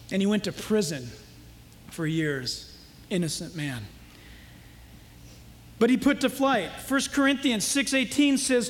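High-voiced preacher in a big echoing hall. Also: male voice, takes it slowly, a little hiss or hum. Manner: animated, acts out voices for stories. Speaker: pastor. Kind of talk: sermon.

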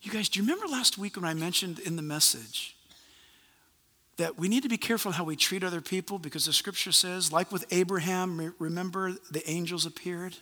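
Pastor, male, very high and piercingly bright voice, animated storyteller, preaching in a hall with a long reverb tail. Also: a little fast. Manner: animated storytelling, acts out conversations. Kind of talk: sermon.

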